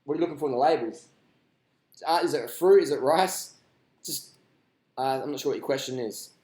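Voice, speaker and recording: A man's voice: mid-range voice, brisk, a little mellow, reverberant. A man hosting a live stream, answering viewer questions in a blunt, rambling, profane way. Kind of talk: casual unscripted live stream chat.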